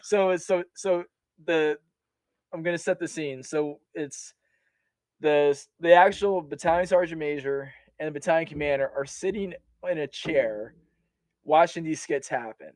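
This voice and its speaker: Animated young man telling army stories. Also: a little high, a little slow, dry recording. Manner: animated, laughs often, many restarts. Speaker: guest, army veteran. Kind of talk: casual storytelling.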